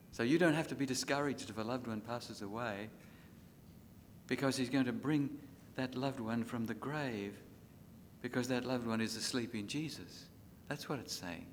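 An older man with an Australian accent preaching a sermon, swelling loud for scripture and dropping soft for asides. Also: medium pitch, long reverb tail. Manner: dramatic rises and drops in loudness, slows for scripture. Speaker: pastor.

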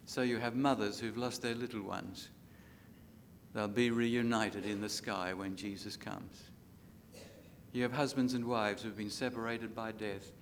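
An older Australian man preaches a sermon, his voice rising for scripture and sinking to near-quiet asides. His words ring out with a long reverb from a large hall, over a faint low rumble. He slows down to dwell on key lines. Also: steady tone. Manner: dramatic rises and drops in loudness, slows for scripture. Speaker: pastor.

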